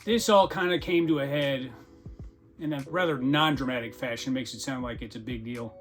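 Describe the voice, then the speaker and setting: A man's voice: mid-range voice, normal speed, soft background music. A man hosting a podcast, talking candidly about his own life in a conversational, self-deprecating way with a wry sense of humor. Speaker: podcast host. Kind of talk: candid personal monologue.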